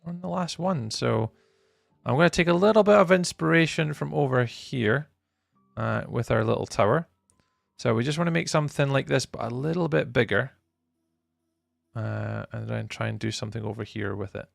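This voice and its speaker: Brief: male streamer, very gravelly, dry close mic, game music faint under him. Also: mid-range voice, normal speed, no room sound. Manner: chatty, talks to chat while playing. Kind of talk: casual live-stream chat.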